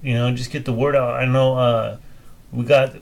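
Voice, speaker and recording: A man's voice: medium pitch, level tone, moderate pace, creaky. Profane, easygoing middle-aged man hosting. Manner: loose and profane, turns quietly emotional. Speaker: podcast host. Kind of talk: casual podcast chat.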